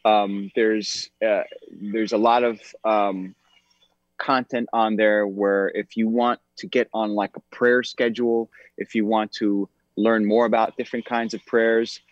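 A man's voice: on the low side, flat delivery, unhurried, no echo. A man, an actor guest on an interview show, who talks thoughtfully and hesitantly, with many fillers. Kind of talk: conversational interview. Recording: slightly dull lo-fi sound.

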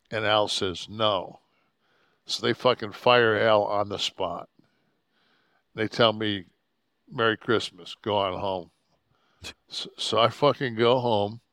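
A man's voice: lowish voice, measured pace, clean tone, no room sound, clean studio sound. A man in his sixties, a podcast host, telling a rambling, profane road story and acting out the people in it. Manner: profane, rambling, animated quoting of others. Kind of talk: casual storytelling.

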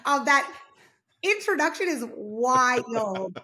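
A woman co-hosting a casual podcast. She is expressive and playfully dramatic and uses slang. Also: high-pitched, slow pace. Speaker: podcast co-host. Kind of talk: casual chat.

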